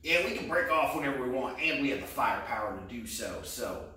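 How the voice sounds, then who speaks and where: A man in his thirties from Texas rambles through a practice comedy set. His delivery is deadpan and self-deprecating, and he wanders between topics. The sound bounces around a reverberant room, with the mic set well back. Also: medium pitch, a little fast, far from the mic. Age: 30s. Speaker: stand-up comedian.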